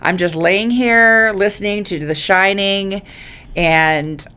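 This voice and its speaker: A woman's voice: mid-range voice, slow, sharp tone, clear, resonant tone. A woman co-hosting a podcast in casual chat, earnest and apologetic. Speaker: podcast co-host.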